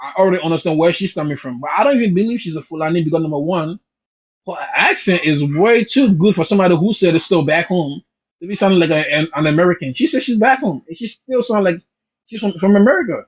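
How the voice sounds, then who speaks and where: Man from Africa, fairly high and husky, emphatic panelist, muffled lo-fi recording. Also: lively intonation, fast talker. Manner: emphatic, repeats words when fired up. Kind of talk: heated live-stream discussion. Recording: dull lo-fi stream audio.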